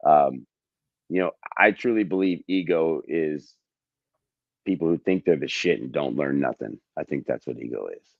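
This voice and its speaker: A man speaking as a guest on a casual podcast, telling candid, profane stories in an animated way. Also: extremely low pitch, normal speed, creaky, dry recording, narrow, tinny audio.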